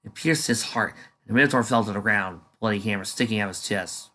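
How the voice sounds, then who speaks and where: A man's voice: on the low side, fairly quick, pushed and bright. A man casually reading a fan story aloud, dropping offhand asides between passages. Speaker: fanfiction reader.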